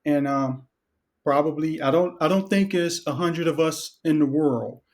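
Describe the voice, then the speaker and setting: A middle-aged man from Detroit, a guest author and educator, talking casually in an interview with a relaxed, joking, reflective manner. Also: fairly high pitch, a little slow. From Detroit, Michigan.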